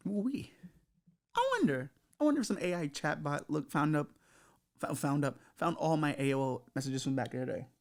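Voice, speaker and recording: Middle-aged male podcast host, raspy fry on a higher voice, crude and self-mocking, loose comic rambling. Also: darkish tone. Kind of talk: casual comedic monologue.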